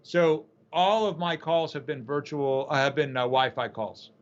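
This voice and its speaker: An enthusiastic male storyteller with a fairly high voice. He talks over a video call from his home studio, and the sound comes through dull and lo-fi. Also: a little slow. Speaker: magician and app creator. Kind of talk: casual storytelling.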